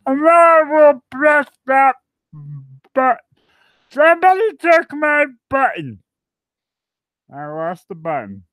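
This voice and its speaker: A man voicing a drunk male alien who threatens to destroy the planet in a shrill, shouted voice. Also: very animated, slow, long pauses, dry recording, exaggerated voice. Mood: menacing. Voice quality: shouting, high-pitched. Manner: bombastic villain threats.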